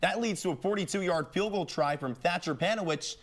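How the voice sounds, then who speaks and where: Punchy, higher-voiced male sports anchor. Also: a little fast. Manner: energetic, joking, punchy play-by-play calls. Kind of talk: high school football highlights commentary.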